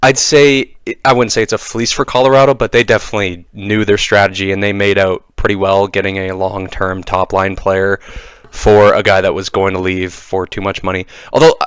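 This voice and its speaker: A man chatting on a podcast in a relaxed, musing way that often trails off. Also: low voice, normal speed, clear, resonant tone, dry recording. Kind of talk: casual hockey chat.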